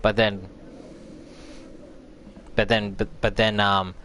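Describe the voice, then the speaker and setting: A man's voice: fairly low pitch, little pitch movement, slow pace, fairly bright tone, a little hiss or hum. A man host casually recapping a video game story, rambling and repeating filler words as he recalls events. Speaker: gaming channel host.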